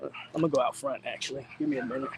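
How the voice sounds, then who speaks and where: A man hosting a live fan reaction stream, out of breath, talking in excited, repetitive slang outdoors in the wind. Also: medium pitch, rapid-fire. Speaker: channel host. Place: outdoors, windy.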